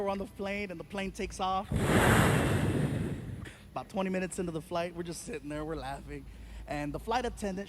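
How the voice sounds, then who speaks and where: A male stand-up comedian telling a story on stage, animated and acting out the voices of the people in it. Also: high voice, slight background noise.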